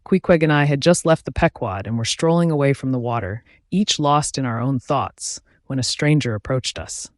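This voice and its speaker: A man narrating a classic novel as an audiobook, in a clear, expressive storytelling manner. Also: medium pitch, normal speed, hardly any pauses, dry recording, studio quality.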